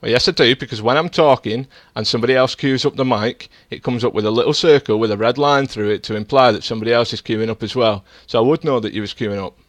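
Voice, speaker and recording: A man's voice: medium pitch, fast talker, hardly any pauses, no room sound. A man streaming a sim race, arguing defensively and lecturing rivals over voice chat. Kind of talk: heated in-game voice chat argument.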